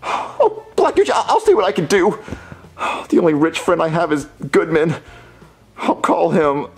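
A man's voice: on the high side, wildly swooping pitch, normal speed, breathy edge, heavily acted. A man voicing a nervous adult male puppet plumber who stammers and restarts his sentences in a comedy sketch. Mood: pleading.

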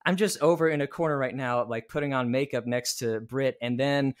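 Male podcast guest, casual storyteller, animated quotes, mid-range voice. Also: mid-range voice, brisk. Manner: animated, quotes people in lively bursts, swears casually.

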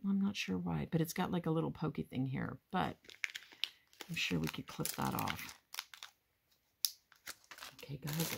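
A woman hosting a crafting haul video, chatting casually and gushing with excitement, often calling her viewers "guys". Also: extremely low pitch, vocal fry, noisy background. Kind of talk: casual show-and-tell haul chat.

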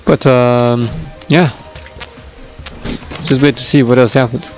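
A young man doing rambling voice-over commentary on his own gameplay, laughing often and getting loud when excited, recorded at his home computer. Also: medium pitch, takes it slowly, faint music behind, poor audio. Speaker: gaming YouTuber. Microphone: desktop microphone.

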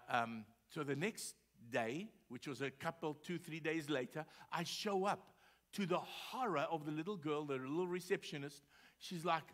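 A man's voice: a little high, fairly bright tone. A man preaching a sermon as pastor, telling a personal story in a conversational way with frequent repeated words. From South Africa.

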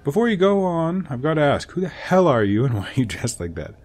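A man's voice: a little high, sing-song, fairly quick, darkish tone, soft background music. A man giving casual, joking commentary while playing a video game. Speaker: let's play host. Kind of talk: gameplay commentary.

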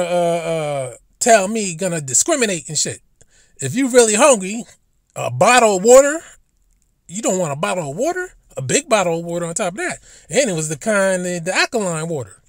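A man's voice: sits high, no echo, clean studio sound. A man telling stories in a casual, rambling monologue, blunt and profane, often stumbling over and repeating his words as a commentary host.

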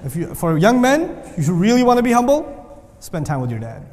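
A male teacher with a notably high voice lectures students in a big, echoing hall. He keeps things animated with joking asides, then drives points home by repeating them. The long reverb of the room trails after each phrase. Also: fairly quick, a little hiss or hum. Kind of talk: lively lecture with humor.

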